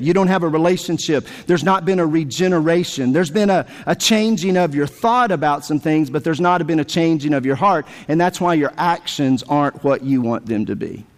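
A man preaching a sermon as pastor, emphatic, with lively swings in pitch. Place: church sanctuary. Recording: long hall reverb.

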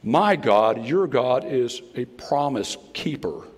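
Guest preacher, Southern man, husky and homespun, echoing auditorium. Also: mid-range voice, expressive, slow pace. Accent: American Southern. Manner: folksy, conversational preaching with playful voices. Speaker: guest speaker. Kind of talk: sermon. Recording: long hall reverb.

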